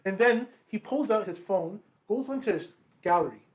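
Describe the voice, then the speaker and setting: A man co-hosting a podcast, chatting casually and telling a story with animated delivery, slang and swearing. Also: high-pitched, moderate pace. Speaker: podcast co-host. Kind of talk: casual chat.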